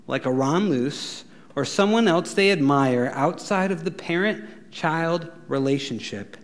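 A middle-aged man preaching a sermon, animated, acting out quoted voices and laughing at his own jokes. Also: on the high side. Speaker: pastor.

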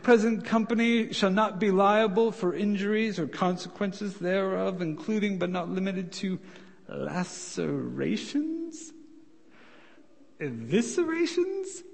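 Guy doing a old dwarf reading a contract, dry, highish voice, big hall echo. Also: animated, slow pace, gravelly, full character voice. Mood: matter-of-fact. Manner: dry, reading out a long list. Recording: long reverb of a large hall.

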